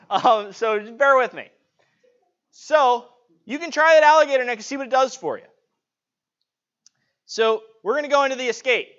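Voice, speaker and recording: High-voiced man teaching a self-defense class. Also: a bit bright. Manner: casual demonstrating, frequent "right?" checks. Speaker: martial arts instructor. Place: martial arts studio. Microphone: clip-on mic, sometimes knocked off. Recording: dull lo-fi livestream audio.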